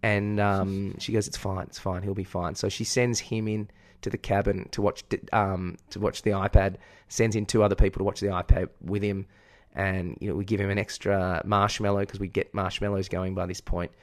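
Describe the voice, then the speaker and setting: A man's voice: deep voice, level tone, normal speed. An Australian man, a podcast co-host and part-time teacher, telling a rambling, self-mocking story in casual chat and swearing freely.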